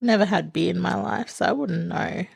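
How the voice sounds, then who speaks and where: A woman's voice: fairly low pitch, normal speed, vocal fry, darkish tone, breathy edge, dry recording, studio quality. An Australian woman co-hosting a podcast, chatting in a laid-back, cheeky way. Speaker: podcast co-host. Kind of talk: casual podcast banter.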